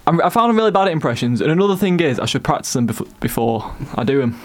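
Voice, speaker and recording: A man's voice: on the high side, sing-song, slight background noise. A man hosting a casual studio radio chat, joking and mocking himself. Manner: quick, jokey, self-mocking. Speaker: radio show host. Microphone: studio mic with headphones.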